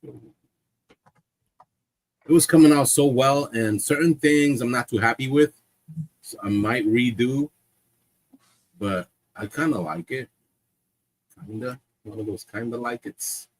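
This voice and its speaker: Brief: husky mid-pitched male artist, halting, giggly. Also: poor audio. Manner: laughs often, halting with restarts. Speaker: artist on stream. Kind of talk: casual chat and joke-telling.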